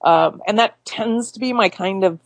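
A woman actor telling stories in a casual interview, animated and laughing easily, with many fillers and restarts. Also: mid-range voice, moderate pace. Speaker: actor and filmmaker guest.

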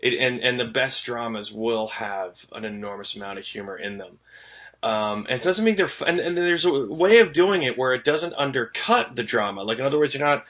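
A man hosting a casual interview, reflective and conversational. His tone is bright and forward, with a slightly husky edge. His pitch sits in the middle range. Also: lively intonation, moderate pace. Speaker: interview host.

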